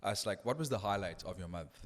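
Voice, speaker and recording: An earnest man recounts a story at a thoughtful pace. His voice sits low, and the room leaves a long reverb trail behind each phrase. He restarts his sentences often as he reflects. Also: animated, brisk. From South Africa. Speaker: radio DJ guest. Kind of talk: casual podcast conversation.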